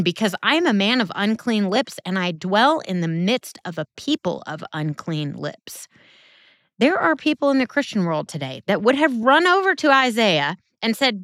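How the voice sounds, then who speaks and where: A woman's voice: mid-range voice, big pitch swings, normal speed, a bit bright, no room sound, studio quality. A woman giving a Bible teaching sermon in an earnest, conversational way with emphatic turns.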